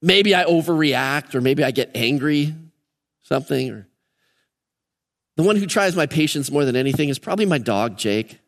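An earnest male pastor preaching in a church sanctuary, his voice a little higher than most men's. He drives his points home by repeating words in threes. The sound carries a long reverb from the hall. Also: lively intonation, normal speed. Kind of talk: sermon. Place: church sanctuary during a service.

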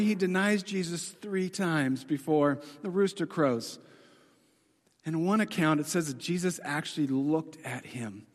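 A man preaching a sermon in a casual, conversational way, telling the story dramatically and swinging from excited to hushed. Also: fairly high pitch. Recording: long hall reverb.

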